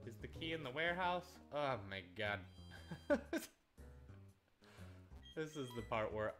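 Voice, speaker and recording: Sarcastic guy narrating his gameplay, bright voice, faint game music behind. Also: medium pitch, lively intonation, measured pace, long pauses. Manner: sarcastic, repeats words in exasperation. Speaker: let's play host. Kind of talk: casual gameplay commentary.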